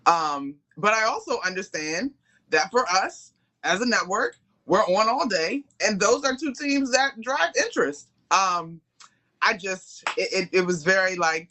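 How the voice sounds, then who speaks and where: A woman's voice: medium pitch, expressive, a little slow, sharp tone, a little hiss or hum. A woman on a sports TV panel, chatty and exasperated as she gives her take in a studio. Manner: exasperated, chatty, uses fillers. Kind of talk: on-air sports discussion.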